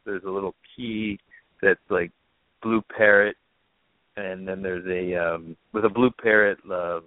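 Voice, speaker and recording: A man's voice: sits low, fairly even intonation, a little slow, dry recording. A man casually retelling a film's plot in a rambling, filler-heavy way, as a podcast host. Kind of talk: casual film recap chat. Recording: tinny phone-like line.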